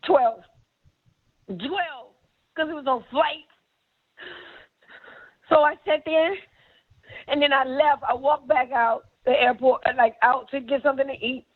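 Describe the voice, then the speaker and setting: A woman's voice: sits high, a little slow, long pauses. A middle-aged woman telling a story as an interview guest, blunt, profane and emphatic. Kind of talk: candid storytelling. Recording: tinny phone-like sound.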